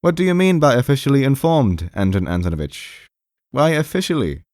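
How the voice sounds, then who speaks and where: A man's voice: mid-range voice, sing-song, moderate pace, darkish tone, dry recording, studio quality, voice pushed up, lightly acted. A man reading an audiobook, voicing a timid, anxious male clerk who pleads in a trembling voice and keeps repeating the name of the man he addresses. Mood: pleading timidly.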